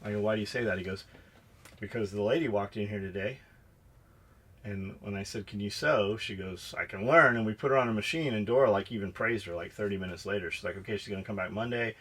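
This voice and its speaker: Profane, animated male podcast storyteller. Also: on the low side, fast talker. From United States. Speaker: podcast co-host. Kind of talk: casual storytelling chat.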